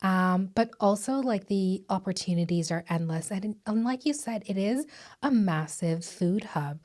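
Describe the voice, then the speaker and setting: A woman's voice: medium pitch, unhurried, a little mellow. Chatty woman podcast host. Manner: enthusiastic, chatty. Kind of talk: conversational interview.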